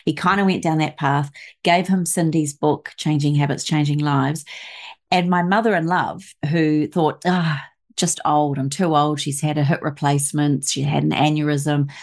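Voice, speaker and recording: A woman's voice: low-pitched, fairly even intonation, normal speed, vocal fry. A woman hosting a casual chat, asking long, winding questions. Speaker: host.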